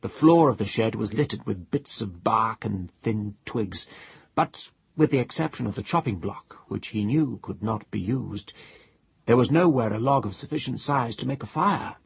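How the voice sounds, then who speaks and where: A man reading a ghost story aloud in a measured, deliberate storytelling style. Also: lowish voice, animated, creaky, breathy edge, dry recording, dull audio. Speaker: narrator.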